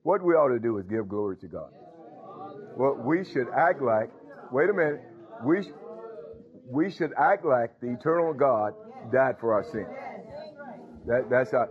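A man's voice: medium pitch, animated. Pastor guy preaching, lots of uhs, gets worked up, sounds like it's over a phone. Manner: halting, many fillers, rising to emphatic. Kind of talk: sermon. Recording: tinny phone-like audio.

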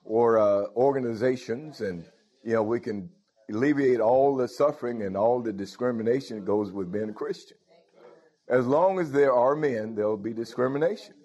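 Husky-voiced preacher man calling out praise. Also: medium pitch, normal speed, warm tone. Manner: peppers talk with "Hallelujah", "Thank you, Lord" and "Huh?"; calls out to the congregation directly. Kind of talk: sermon.

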